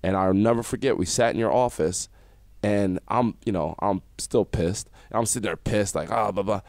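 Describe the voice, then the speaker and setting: A man, a former basketball coach, guest on a radio interview, telling animated stories and acting out what people said to him. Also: on the low side, normal speed, creaky, dry recording. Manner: animated storyteller acting out quotes. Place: radio studio.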